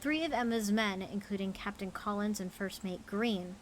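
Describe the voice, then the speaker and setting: A woman's voice: mid-range voice, moderate pace, slight background noise, close to an everyday voice, poor audio. A woman voicing a news reporter, reading out a newspaper clipping in a formal newsreader manner.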